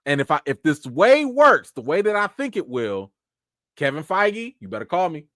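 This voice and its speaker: A man hosts a casual live review and talks straight to his viewers in slang. His voice sits fairly high and swings widely in pitch. The recording is dry and close. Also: sing-song, moderate pace, a bit bright, dry recording. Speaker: TV series reviewer and live-chat host.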